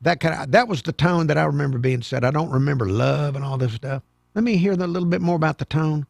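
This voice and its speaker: A man's voice: fairly high pitch, fast talker, vocal fry, darkish tone, no room sound. An older man hosting a call-in radio talk show, with wry, sarcastic asides.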